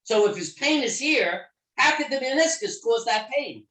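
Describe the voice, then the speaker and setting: A middle-aged man telling a story in an interview, animated and emphatic, swearing freely. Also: very high voice, normal speed, far from the mic. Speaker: guest therapist. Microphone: video call. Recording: echoey room on a video call.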